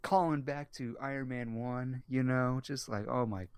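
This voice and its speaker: A man hosting a casual podcast chat, rambling excitedly with lots of fillers and swearing. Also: mid-range voice, moderate pace, a little hiss or hum. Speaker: podcast host.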